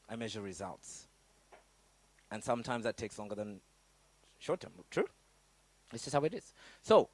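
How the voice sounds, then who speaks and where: Animated man giving a motivational talk. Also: mid-range voice, dry recording. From Africa. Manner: candid, animated storytelling with swearing and audience questions. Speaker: startup business coach.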